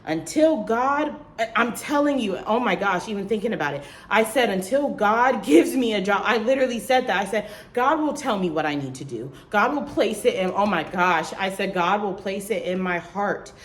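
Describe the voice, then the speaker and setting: A young woman vlogging to the camera in casual chat, telling a lively story and acting out what others said in a higher voice, checking in with "okay?" as she goes. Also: moderate pace. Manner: animated storytelling, acts out quotes in a high voice; talks straight to viewers, tags lines with "okay?" and "girl".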